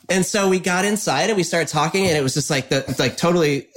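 A man's voice: fairly high pitch, quick pace, few pauses, fairly bright tone, slight background noise. A man, a filmmaker guest, telling an anecdote with enthusiasm in a casual interview. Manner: enthusiastic anecdote teller, acts out quotes.

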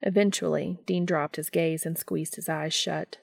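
A woman reading fan fiction aloud in a slow, subdued narration. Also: low-pitched, fairly even intonation, creaky, no echo, studio quality. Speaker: reader.

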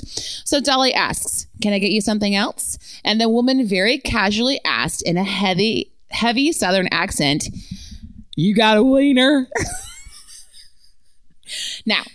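A woman's voice: mid-range voice, moderate pace, smooth, no room sound. A woman co-hosting a podcast, reading listener stories aloud with frequent laughs and swearing. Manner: laughs often, swears, animated delivery. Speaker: podcast co-host.

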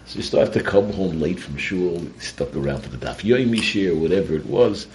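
A man's voice: low-pitched, lively intonation, normal speed, a little mellow, slight background noise, poor audio. A man giving a Torah talk full of stories, mixing in Yiddish and Hebrew terms. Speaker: Torah teacher.

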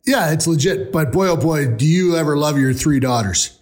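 A man hosting an interview, asking gentle questions with many hesitations and fillers. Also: a little high, normal speed. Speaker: interview host. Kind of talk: conversational interview.

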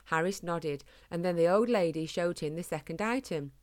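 A woman reading a children's storybook aloud in a gentle, measured way. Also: on the low side.

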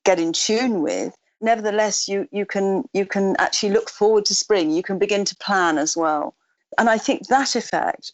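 Reflective woman author, lowish voice. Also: dry recording, muffled recording. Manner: reflective, with many restarts. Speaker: author guest. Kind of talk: interview answers.

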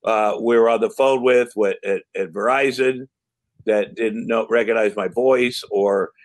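A middle-aged man, an actor and comedian, answering interview questions in a halting way with many fillers and restarts. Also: on the low side, steady tone. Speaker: podcast guest, actor and comedian.

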